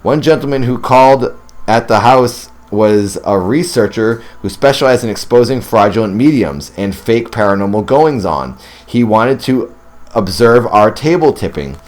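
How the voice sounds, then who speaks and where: A man's voice: medium pitch, expressive, moderate pace, darkish tone. A man who hosts a ghost story show, reading a first-person account aloud and now and then breaking off to react. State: teary and sniffling. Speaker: host reading ghost stories. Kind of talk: story reading with excited asides.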